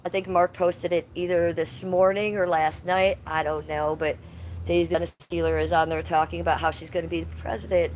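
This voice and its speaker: Chatty woman livestreaming, lowish voice. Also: level tone, brisk, darkish tone, a little hiss or hum. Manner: chatty, easily sidetracked, playful baby talk to animals. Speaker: livestream host. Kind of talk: casual livestream chat. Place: outdoors at home, yard with trees.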